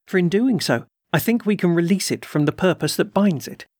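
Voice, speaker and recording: A man voicing a calm, measured occult doctor who speaks quietly and with slow deliberation in an audiobook reading. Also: sits high, dry recording, studio quality, voice pushed up.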